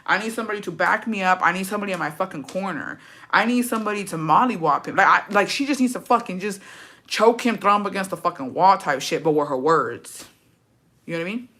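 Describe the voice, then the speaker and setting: A woman's voice: medium pitch, fast talker, a bit bright. A young woman livestreamer chatting casually with her viewers, brash, blunt and full of swearing. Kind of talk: casual chat answering viewer comments.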